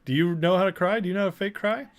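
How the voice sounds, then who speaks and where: A man hosting a casual livestream, greeting viewers by name and talking through the news with energetic asides. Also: high-pitched. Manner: energetic, shouting out chat names, rapid asides. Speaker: political commentary livestream host.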